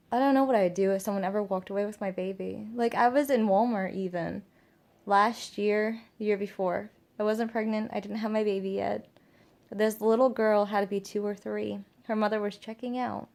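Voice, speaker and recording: A young woman vlogs straight to camera as a mother, speaking casually but with real conviction. Her voice sits in an ordinary middle pitch and often drops into a gravelly fry. She hammers home her points by repeating them. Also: a little mellow. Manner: earnest, emphatic, repeats points for stress. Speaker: mother vlogging about parenting.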